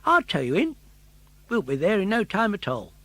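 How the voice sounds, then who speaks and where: An actor voicing a friendly, chatty tunny fish in an audiobook. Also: male voice, high voice, huge pitch swings, normal speed, fairly bright tone, no room sound, pitched above the performer's own voice, exaggerated voice. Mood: chirpy.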